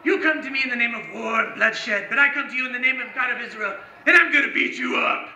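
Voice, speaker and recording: A man doing a brash young hero, cocky and loud. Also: very high voice, fast, full character voice. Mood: defiant. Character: brash young male hero, boastful and fearless. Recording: echoey room.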